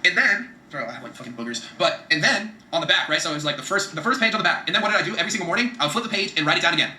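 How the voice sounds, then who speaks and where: A man giving a fast, profane, emphatic motivational talk about setting goals, often repeating himself for emphasis. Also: fairly high pitch, lively intonation, sharp tone, reverberant, slight background noise. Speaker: vlogger giving trading and goal-setting advice.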